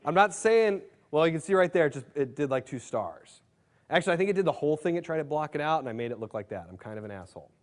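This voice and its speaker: A man's voice: a little high, animated, fast talker. A man presenting a dating seminar in a brash, casual storytelling way, swearing freely and leaning on fillers. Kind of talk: casual seminar talk to a live room.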